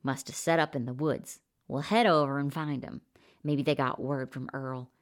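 A man's voice: medium pitch, fairly even intonation, moderate pace, close to an everyday voice. A woman doing a swaggering prepper man, Blake. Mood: scheming. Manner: crude, fired-up rallying talk.

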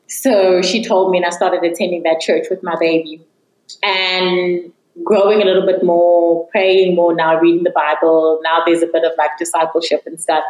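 Low-voiced woman in an echoey room. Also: flat delivery, normal speed, darkish tone. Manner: earnest, reflective storytelling. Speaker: guest sharing testimony. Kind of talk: personal faith testimony.

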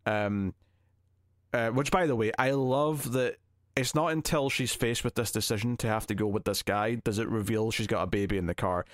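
A man co-hosting a podcast talks casually about a film, animatedly retelling it and acting out scenes in quoted voices. His voice is fairly low at normal speed, with clean studio sound and no echo.

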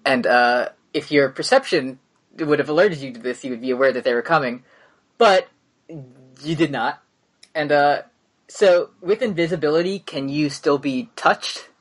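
A man's voice: fairly high pitch, normal speed. Casual man running a tabletop game. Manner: casual, hesitant with many fillers. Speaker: game master.

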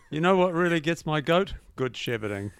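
An older man with a New Zealand accent, telling dad jokes one after another in a deadpan way. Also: on the high side, smooth, no room sound. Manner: deadpan dad-joke delivery. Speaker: joke-telling father on a recording.

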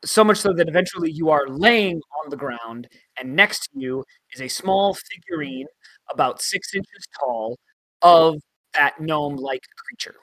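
A man narrating a tabletop game as game master, in a chatty, halting way with many fillers. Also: fairly high pitch, expressive, a bit bright, no room sound, low-quality recording.

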